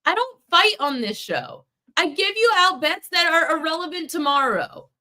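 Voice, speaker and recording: A woman's voice: very high voice, expressive, moderate pace, pushed and bright. A woman hosting a sports betting podcast, ranting heatedly at a commenter in a live chat. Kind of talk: live-stream betting talk.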